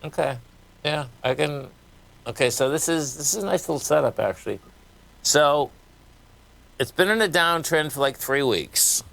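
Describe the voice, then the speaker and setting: A man's voice: fairly high pitch, expressive, moderate pace, gravelly, long pauses, a bit bright. A man with a Boston accent hosting a live radio market show, talking casually and folksily as he reads numbers off charts. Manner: casual, folksy, talks while reading charts.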